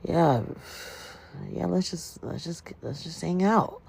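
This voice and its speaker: A woman imitating a flat, miserable young man who mumbles in a low monotone. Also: slow, gravelly, slightly rough, no echo, heavily acted. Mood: glum.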